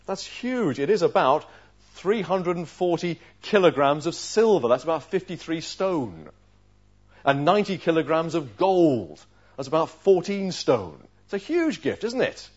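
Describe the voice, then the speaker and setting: A man's voice: on the high side, very animated, measured pace, breathy edge. A man preaching a sermon who tells the story expressively and acts out the characters' voices. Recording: dull lo-fi recording.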